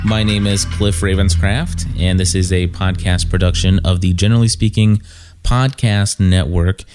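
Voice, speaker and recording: A man's voice: sits low, fairly even intonation, moderate pace, over music. A man opening a podcast episode with a formal, announcer-like scripted intro. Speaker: podcast host.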